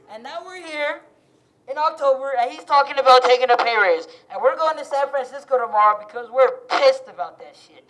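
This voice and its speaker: A young man with a fairly high voice works up a protest crowd outdoors. He talks loud, casual and streetwise, calling out to the listeners and telling stories in a fired-up way. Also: brisk, rough recording. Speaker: student protest speaker. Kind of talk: fired-up rally speech.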